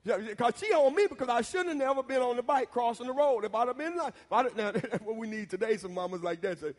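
A man with a Southern American accent who preaches a storytelling sermon. He talks straight to the listeners in a folksy way, and at times his voice builds into shouting. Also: sits high, quick pace, hardly any pauses, in a large hall. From Southern United States.

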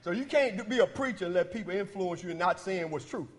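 A man preaching a sermon in a church, calling out to the congregation and swinging from loud emphasis to hushed asides. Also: sits high, lively intonation, fast talker. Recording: long hall reverb.

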